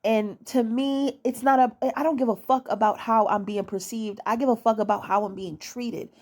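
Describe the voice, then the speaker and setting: A woman's voice: a little high, fairly even intonation, moderate pace, a little mellow. A young woman giving dating advice in a casual monologue at home. She is blunt and profane and repeats her points to hammer them home.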